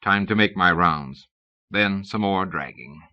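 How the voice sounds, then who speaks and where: Low-voiced guy reading an audiobook, wry and measured, bright tone, old muffled tape. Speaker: audiobook narrator. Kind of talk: audiobook narration. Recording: dull lo-fi cassette recording.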